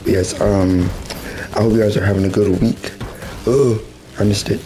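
A man hosting casual gameplay commentary, his voice hoarse and rough as if it is going out, chatting and reacting with quick exclamations while he races. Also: fairly low pitch, fairly even intonation, warm tone, slight background noise, low-quality recording. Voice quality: rough, smoker-like. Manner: chatty, laughs often, exclaims at the race. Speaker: gaming channel host.

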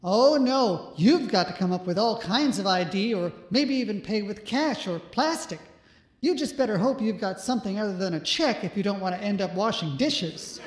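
A woman's voice: medium pitch, expressive, moderate pace, close to an everyday voice. A woman voicing a chatty, complaining disembodied voice that rambles on. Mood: nagging. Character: nagging disembodied mystery voice, woman. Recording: roomy echo.

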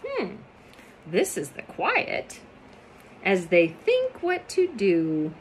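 A woman's voice: medium pitch, wildly swooping pitch, very slow, a bit bright, a little hiss or hum. A woman reading a picture book aloud expressively, adding chatty asides about the pictures.

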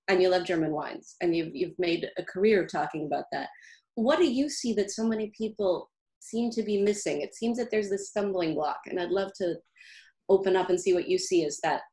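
A woman's voice: fairly low pitch, darkish tone. A woman hosting a discussion, setting up thoughtful, probing questions for her guest. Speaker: host. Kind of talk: conversational video discussion.

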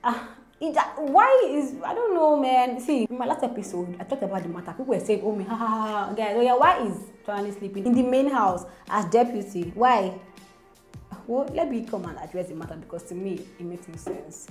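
Excitable woman gossiping in echoey room. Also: fairly high pitch, a little fast. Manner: excitable, exclamatory, chatty. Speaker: entertainment gossip vlogger. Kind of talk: casual gossip commentary to viewers. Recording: roomy echo with faint music.

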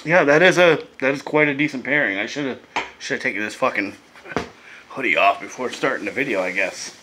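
A man's voice: mid-range voice, brisk, pushed and bright, slight background noise. A laid-back man chatting casually and swearing as he reviews vape gear in a vlog, coughing now and then.

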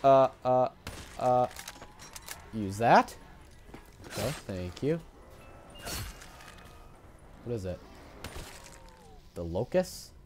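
Young guy yelling and rambling over his zombie game, swears a lot, repeats himself, middle pitch, bit of faint hiss. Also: sing-song, very slow, pauses often. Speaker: gameplay commentator. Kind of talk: live gameplay commentary.

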